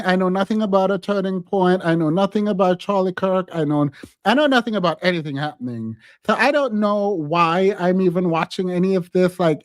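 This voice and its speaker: A man's voice: high voice, no room sound, studio quality. A man hosting a live stream, chatting casually and laughing often between his points. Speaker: streamer and commentator.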